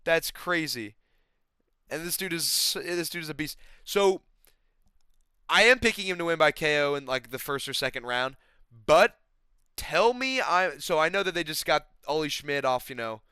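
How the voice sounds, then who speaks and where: A young adult man hosting casual MMA predictions, excitable and rambling, tossing in "bro" and swearing often. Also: on the high side, moderate pace, smooth, no echo, clean studio sound. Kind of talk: casual fight-prediction chat.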